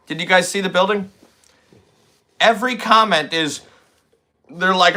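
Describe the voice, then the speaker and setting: A man hosting a comedy podcast in casual chat, excitable and rambling as he jokes. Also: sits high. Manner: excitable, rambling, quick to joke. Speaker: podcast host.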